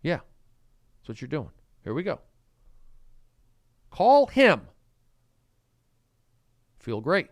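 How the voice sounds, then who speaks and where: A man hosting a rambling solo livestream on his phone, swinging from shouts to mumbles. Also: medium pitch, lively intonation, normal speed, long pauses, no echo, studio quality. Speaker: livestream host.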